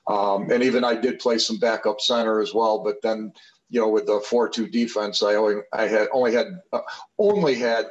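A man's voice: fairly low pitch, fairly even intonation, normal speed, highs cut off. Rambling older man telling old stories. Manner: rambling, anecdotal, many fillers and restarts. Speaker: podcast guest, former football player. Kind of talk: casual storytelling interview.

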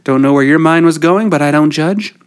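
A man's voice: a little high, fairly quick, clear, resonant tone. A middle-aged man from Canada with a cold, hosting a casual solo podcast in a rambling, jokey, self-deprecating way. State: has a cold. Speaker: podcast host.

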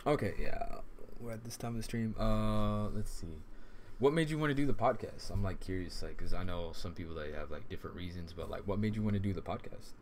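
A man's voice: lowish voice, a little fast, a little mellow, a little hiss or hum. A man hosting a casual podcast on his live stream, talking in a laid-back way with lots of fillers and frequent laughs.

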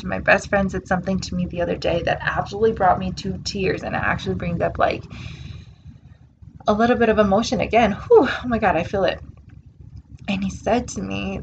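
A woman's voice: medium pitch, vocal fry, highs cut off, a little hiss or hum. A woman hosting her own podcast, talking earnestly in a reflective, spiritual self-help monologue and repeating words for emphasis. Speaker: podcast host.

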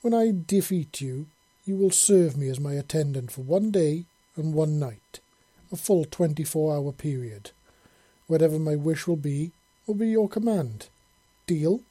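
A proud alien huntress speaks with smug, formal haughtiness, as a male narrator puts her on. The voice is dark and slightly husky. The sound is dry and close, like a home storybook reading. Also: on the high side, normal speed, no echo.

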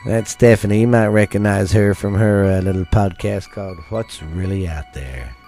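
A man's voice: lowish voice, normal speed, mellow, soft background music. A man hosting a casual podcast with a Southern US accent, joking and teasing his co-host. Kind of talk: casual chat.

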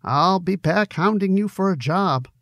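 A man's voice: high-pitched, unhurried, a bit bright, no room sound, clean studio sound, pitched above the performer's own voice. A man voicing a polite, restless young man in a lightly raised voice.

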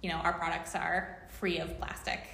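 A woman's voice: lowish voice, flat delivery, moderate pace, vocal fry, sharp tone, roomy sound. A woman speaking as a guest in a casual interview, talking reflectively about her business with many "like" fillers.

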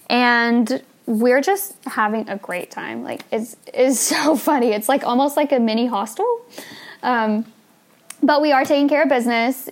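A young woman hosting a podcast, telling a story in a casual, chatty way with plenty of fillers and laughs. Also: a little high. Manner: chatty, laughs often, lots of "like" and "you know". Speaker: podcast host.

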